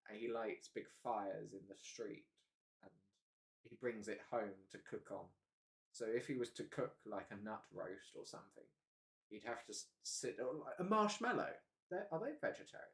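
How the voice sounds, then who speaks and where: A man's voice: on the low side, lively intonation, normal speed, creaky, fairly bright tone. A man hosting a live stream, chatting casually and rambling with frequent hesitations and laughs. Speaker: livestream host.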